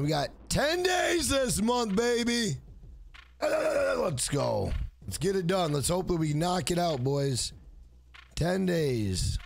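A man around forty chatting live on stream with a fairly high, very lively voice that swings up and down constantly. He hypes his viewers and reads out their names with loose, profane energy. Faint music plays quietly behind him. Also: takes it slowly, gravelly. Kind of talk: casual live-stream chat.

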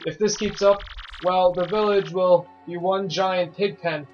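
A man's voice: high voice, fairly even intonation, a little slow, faint music behind. Man reading worried town villager, fretful, dull lo-fi audio.

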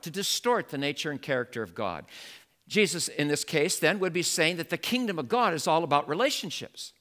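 A male pastor preaching a sermon in an animated way, building to emphatic exclamations. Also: fairly high pitch.

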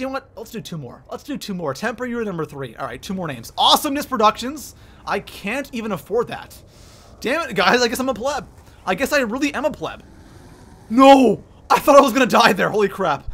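A man streaming a game live, excitedly thanking viewers by name and reacting to the play. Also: high-pitched, brisk. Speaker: livestreamer. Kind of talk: live gameplay commentary.

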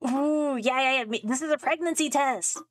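With a high voice at a moderate pace and slight background noise, a young woman plays a game for her stream. She reads its texts out loud and responds with casual, laughing, swearing let's play commentary.

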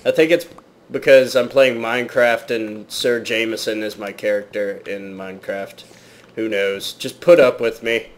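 A man's voice: fairly low pitch, fairly even intonation, measured pace, noisy background. A man giving let's play commentary in a jokey mock British accent, chatting to viewers and yelping at sudden threats in the game. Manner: startled yelps and exclamations at game threats; talks to viewers as "guys". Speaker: gaming channel host.

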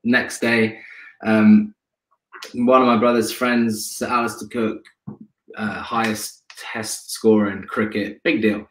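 A man telling a lively story in a casual live interview, acting out what people said and swearing freely, on a video call. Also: on the low side, takes it slowly, echoey room, poor audio. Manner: animated storyteller, acts out quotes, swears freely. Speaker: guest, ultra endurance athlete.

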